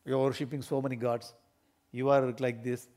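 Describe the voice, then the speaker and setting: A man giving an animated, emphatic spiritual discourse, often laughing as he talks. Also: medium pitch, brisk.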